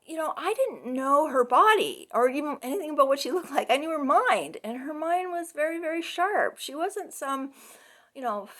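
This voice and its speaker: A woman's voice: high voice, big pitch swings, normal speed, fairly bright tone. A middle-aged woman from Canada giving a class case presentation as a counseling student, chatty and full of fillers, laughing often.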